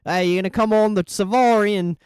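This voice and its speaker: Man doing a loud mock Aussie bloke. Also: steady tone, a little fast, clean tone, no room sound, studio quality, close to an everyday voice. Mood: jokey. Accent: mock Australian. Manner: loud, high, jokey caricature.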